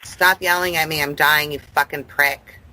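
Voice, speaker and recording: Sharp-voiced sarcastic woman. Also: sits low, fairly even intonation, moderate pace, poor audio. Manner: sarcastic, cutting, insulting. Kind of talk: heated domestic argument.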